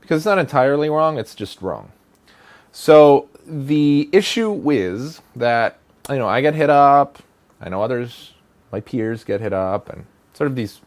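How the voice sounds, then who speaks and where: A man who runs a production company, talking casually to camera in a blunt, conversational way with filler pauses. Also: medium pitch, expressive. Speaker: filmmaker and production company founder.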